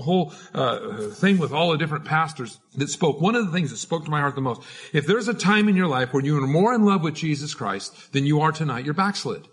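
A man's voice: fairly high pitch, breathy edge. A man preaching a conversational sermon as a pastor, informal and prone to repeating words.

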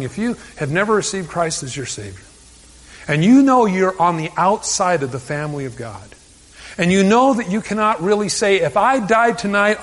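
A man's voice: high-pitched, big-room sound. A man preaching a sermon as a pastor, earnest and conversational, often stumbling and restarting his words.

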